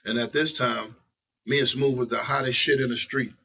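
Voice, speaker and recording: A man's voice: mid-range voice, moderate pace. A middle-aged man from New York telling stories from his career as a guest in a casual interview, full of slang and swearing, acting out what people said. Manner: animated storyteller who acts out quotes, profane slang. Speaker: veteran rapper, interview guest. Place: indoor interview room. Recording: voice picked up from a distance.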